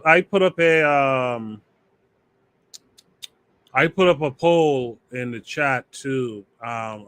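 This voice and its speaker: Male host, relaxed conversational delivery, moderates discussion. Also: mid-range voice. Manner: conversational, relaxed, reads from chat. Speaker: podcast host. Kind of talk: livestream podcast hosting.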